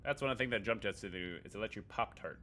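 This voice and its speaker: A man's voice: on the low side, quick pace, bright, forceful tone, a little hiss or hum. A man streaming a video game live from home, chatting casually and joking with viewers, tossing in goofy beep-boop noises. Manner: playful, jokey, makes beep-boop sound effects.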